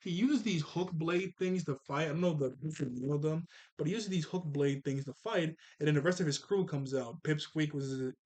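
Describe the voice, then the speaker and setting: Guy rambling through a cartoon recap, chuckles a lot, fixes his own slips, voice a bit on the high side. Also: normal speed, darkish tone. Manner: rambling, chuckling, self-correcting. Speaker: cartoon episode reviewer and host. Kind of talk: casual episode recap.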